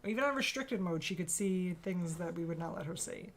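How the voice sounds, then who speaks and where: A woman in her thirties chatting on a home podcast. She is blunt and swears freely. She keeps dropping into high-pitched impressions of her children. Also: expressive, fairly quick, slight background noise. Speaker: podcast co-host. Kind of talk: casual chat.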